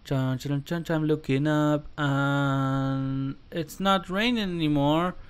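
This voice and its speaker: A man reads a webcomic aloud for a live stream, close on a desk microphone. His voice sits a little on the high side for a man, and he stumbles over odd words, doubles back, laughs and drops the odd curse along the way. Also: fairly even intonation, slow pace, clear, resonant tone.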